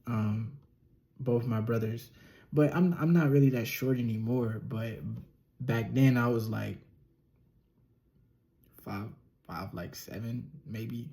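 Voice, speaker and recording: A young man telling a personal story as a relaxed podcast monologue, slightly nasal and often chuckling or trailing off. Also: mid-range voice, slow pace, pauses often. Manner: laid-back, chuckling, trails off with ums. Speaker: podcast host.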